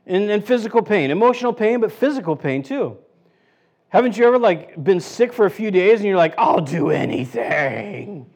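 Casting: male pastor with a high voice, relaxed conversational preaching, lots of rhetorical questions. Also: fairly quick. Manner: chatty, rhetorical questions, frequent restarts. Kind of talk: conversational sermon.

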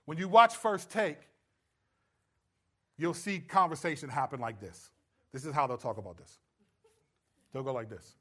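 Male pastor, sermon, high voice, casual and conversational, checks in with listeners. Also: normal speed, long pauses. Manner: conversational, checks in with the audience often.

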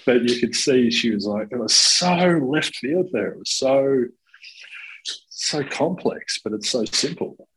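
A man in casual conversation as a podcast co-host and counsellor, playful and animated, often laughing. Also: mid-range voice, a little slow, slightly rough, rough recording. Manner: playful, animated, bursts into silly sounds and laughter.

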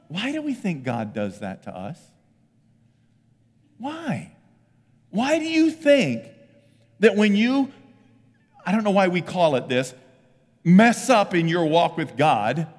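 A middle-aged man preaching a lively sermon as pastor, often breaking into loud acted voices. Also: high-pitched, in a large hall. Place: church sanctuary.

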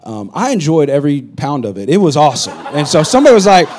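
Middle-aged man, pastor, high-pitched voice; lively sermon delivery with humorous asides. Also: fast talker. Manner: lively storytelling preacher, repeats punchlines, jokes with the congregation.

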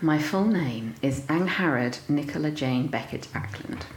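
A woman with a South London accent chats as a podcast guest. Her voice sits low, and she trades playful banter with frequent laughter. The recording sounds echoey, with a faint hiss behind her. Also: expressive, a little slow. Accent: South London English. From South London, England. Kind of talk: casual chat.

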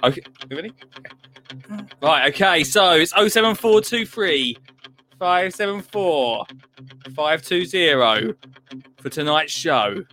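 A British man hosts a live gardening show from his home studio, chatting casually and making fun of himself while restarting a lot. His fairly high voice is animated, pushed and bright, and he takes it slowly with frequent pauses.

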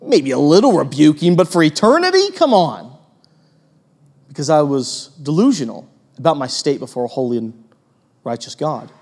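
A man preaching a sermon as pastor, animated, acting out quoted voices and putting questions to the congregation. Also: a little high, moderate pace. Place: church hall with long reverb. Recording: long hall reverb.

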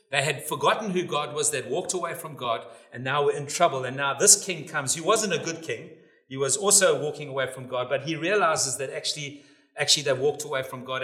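A man preaching a sermon with a bright, forceful voice that sits a little high. He speaks emphatically and builds to loud declarations. The sound is roomy and echoing. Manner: emphatic, rising to loud declarations when quoting scripture. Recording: echoey room.

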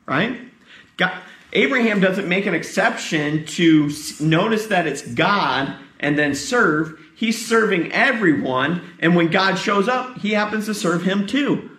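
A man's voice: sits high, lively intonation, unhurried, fairly bright tone, reverberant. A male pastor giving a conversational sermon, tired, often asking his congregation questions.

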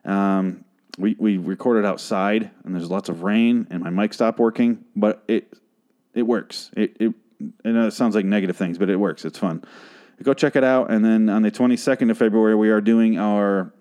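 Low-voiced man ranting through a recap. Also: steady tone, moderate pace, dark tone. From Phoenix, Arizona, USA. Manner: rambling, sarcastic, swears a lot. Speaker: podcast host. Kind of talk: casual profane TV recap.

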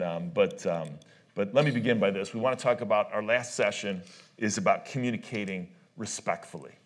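Husky, animated middle-aged male preacher. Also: on the low side. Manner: animated storyteller who laughs at his own stories; loose, halting delivery with many restarts. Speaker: marriage conference speaker. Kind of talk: conversational sermon with personal stories. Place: church.

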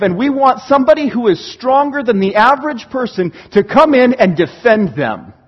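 A man preaching from the pulpit in a high, husky voice, full of rhetorical questions. He swings from hushed asides to loud bursts. The recording sounds a little muffled. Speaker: pastor. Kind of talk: sermon.

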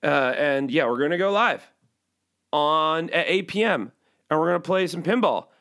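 A man from Chicago rambles through a casual host monologue. His voice is fairly high and swings up and down a lot as he jokes, breaks off mid-thought and trails away. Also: lively intonation, moderate pace, fairly bright tone. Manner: joking, self-interrupting, trails off.

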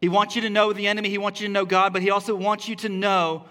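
A man's voice: sits high, flat delivery, quick pace, pushed and bright. A man, a pastor, preaching a sermon in an earnest, repetitive way that builds emphasis through restarts. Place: church service.

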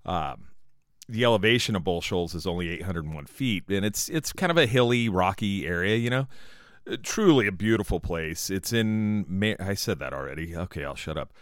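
A man's voice: low-pitched, animated, normal speed, no room sound, clean studio sound. A man hosting his own podcast, talking loosely and rambling, jittery from caffeine. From Southern California. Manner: rambling, loose, swears casually, restarts. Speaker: podcast host. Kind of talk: casual solo podcast talk.

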